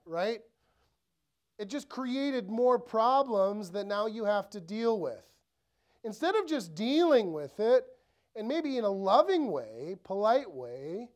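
A man's voice: sits high, big pitch swings, normal speed, darkish tone. A male pastor preaching a sermon in a church, talking conversationally and asking the room rhetorical questions. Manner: acts out inner thoughts in quoted voices.

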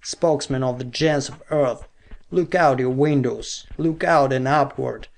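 A man's voice: mid-range voice, a little slow, creaky. A man reading an audiobook, voicing a stern male scientist leader who addresses the world in a declamatory way. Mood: commanding. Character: commanding male scientist leader calling for war.

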